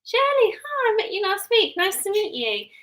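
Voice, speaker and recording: English mum on a live stream, thirties, bright tone, rambling and chatty with lots of ums. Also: female voice, very high-pitched, sing-song, fairly quick, rough recording. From England. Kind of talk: casual live-stream chat. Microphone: webcam or phone mic on a live stream.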